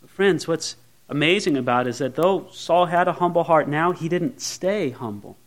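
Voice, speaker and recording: A man's voice: fairly high pitch, normal speed. A male pastor preaching a sermon, acting out the lines of biblical characters.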